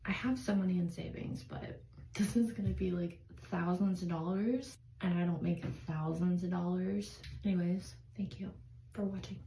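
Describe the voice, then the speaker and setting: A woman's voice: lowish voice, steady tone, normal speed, vocal fry, mellow. A young woman talking anxiously in a confessional vlog, close to tears. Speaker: vlogger in a played clip. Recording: echoey room with background noise.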